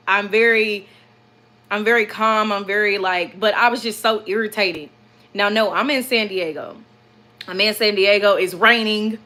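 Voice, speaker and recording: A young woman vlogger chatting casually to viewers, animated and repeating herself as she tells a story. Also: medium pitch, normal speed.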